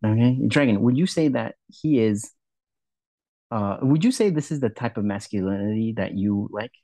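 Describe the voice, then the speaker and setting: Guy cohosting a podcast, swears a lot, rambles then blurts out loud, dry close sound. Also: on the low side, normal speed, no echo. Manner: profane, rambling, excitable with sudden loud bursts. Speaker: podcast co-host. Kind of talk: casual chat.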